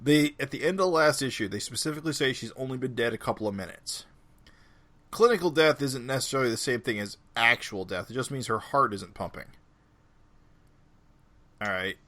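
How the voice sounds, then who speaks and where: A man's voice: medium pitch, animated, brisk, long pauses, pushed and bright. A man co-hosting a comic book podcast, steadily arguing and explaining his point. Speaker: podcast co-host. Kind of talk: casual chat.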